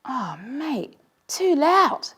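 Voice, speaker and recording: A woman's voice: high-pitched, big pitch swings, extremely slow, fairly bright tone, voice pushed up, full character voice. A woman voicing a cheeky, nervous schoolgirl who rambles and stammers when flustered.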